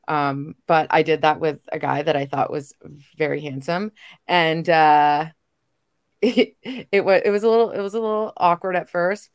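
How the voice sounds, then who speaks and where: A woman's voice: deep voice, clear, resonant tone, dry recording, clean studio sound. A woman guest in an interview chat, openly telling personal stories. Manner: open, personal storytelling.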